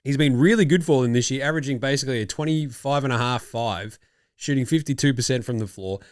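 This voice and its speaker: An Australian man hosting a casual sports talk show, animated and swearing freely. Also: mid-range voice, fast, dry recording, clean studio sound. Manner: animated, swearing, laughing asides. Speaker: podcast host.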